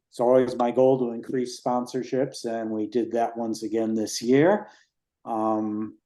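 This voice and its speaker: Older man with a mellow voice in an echoey room. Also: medium pitch. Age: 60s. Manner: rambling, relaxed, with fillers and restarts. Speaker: race organizer reporting to a town committee. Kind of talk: informal committee meeting report. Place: town meeting room.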